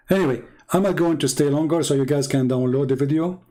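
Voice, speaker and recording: A man's voice: on the high side, fast, dark tone, faint music behind. Sarcastic man hosting a livestream. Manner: sarcastic, taunting, repeats phrases for emphasis. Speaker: livestream host. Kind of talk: mocking livestream commentary. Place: home setup streaming online.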